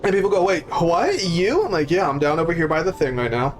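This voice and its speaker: A young man on a live stream spins a casual, profanity-laden yarn, doing voices for everyone in it. His pitch is fairly high and his intonation lively, and he talks at a quick pace over soft background music.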